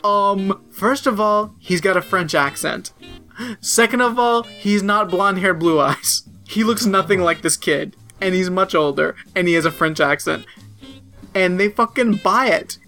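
A podcast co-host in casual chat, animated, swearing freely and laughing mid-sentence. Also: medium pitch, unhurried, faint music behind.

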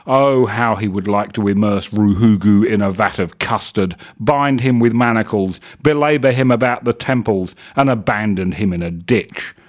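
A man reading a comic story aloud on a live show in a wry, lively way. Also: lowish voice, moderate pace, few pauses. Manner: lively, wry, self-correcting.

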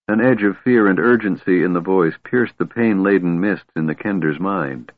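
A man reading a fantasy audiobook aloud, expressive and shifting voices for each character. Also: low-pitched, normal speed, few pauses, no echo. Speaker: audiobook narrator. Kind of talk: scripted narration. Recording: tinny phone-like dry sound.

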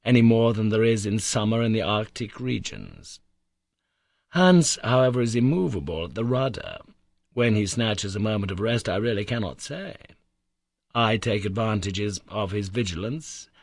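A man narrating an old adventure novel in a measured, suspenseful reading. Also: fairly low pitch, dry recording, clean studio sound. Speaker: audiobook narrator. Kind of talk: dramatic storybook narration.

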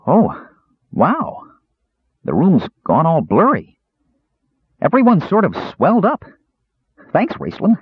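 A man voicing Earwig, a small excitable kender with a childlike, bubbly and squeaky manner, in a dull lo-fi storybook reading. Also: slow pace, pauses often, slightly rough, dry recording, heavily acted. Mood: gleeful. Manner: bubbly, squeaky, wide-eyed. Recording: dull lo-fi recording.

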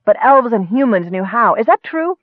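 A man voicing an excitable, naive young male kender who rambles on eagerly. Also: extremely high pitch, moderate pace, no echo, pitched above the performer's own voice. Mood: excited. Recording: tinny phone-like sound.

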